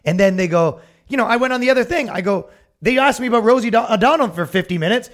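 A man's voice: very high voice, lively intonation, fast talker. A man hosting a casual comedy podcast, rambling and swearing, acting out quotes in sudden bursts. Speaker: podcast host.

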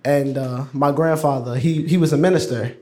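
A man's voice: medium pitch, steady tone, moderate pace, a little mellow. A teenage boy, telling a personal story live in a casual, slangy, laughing way. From New York. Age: teens. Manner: casual, chatty, slangy, laughs along with his own story. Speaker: student storyteller.

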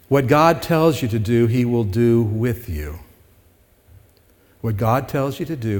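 A man's voice: medium pitch, dark tone. A man preaching a sermon to his congregation, conversational and rising to emphatic peaks. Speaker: pastor. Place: church sanctuary with congregation. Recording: long hall reverb.

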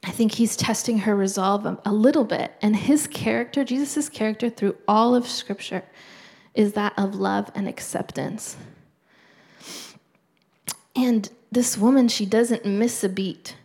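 Middle-aged woman preacher, gravelly, earnest and conversational, drops to a near-whisper. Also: mid-range voice, measured pace, a little mellow. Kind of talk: sermon.

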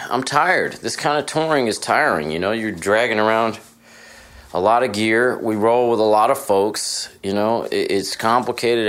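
Deep-voiced man rambling casually. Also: a bit bright, smooth. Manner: rambling, self-deprecating, profane. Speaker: podcast host. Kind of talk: casual monologue. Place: hotel room.

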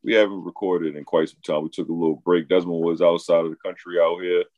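A man's voice: sits low, little pitch movement, fast, dull audio. A man hosting a podcast in casual chat, with laid-back, profane banter. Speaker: podcast host.

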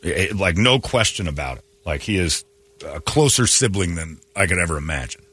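A man's voice: deep voice, expressive, moderate pace, a bit bright, husky. A man hosting a morning radio show, bluntly chatting and reading listener letters aloud. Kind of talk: casual morning radio banter.

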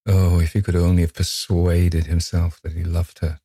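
A man narrating a ghost story in a measured, grave manner. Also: low-pitched, little pitch movement, mellow, slightly rough, no room sound. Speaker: audiobook narrator.

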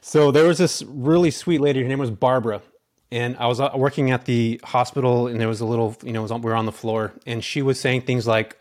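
A rapid-fire male podcast guest at a middle pitch, rattling through his story in a loose, casual way. He sprinkles in filler words and acts out the voices of the people in his anecdotes with plenty of energy. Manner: animated, acts out his own dialogue, heavy filler words.

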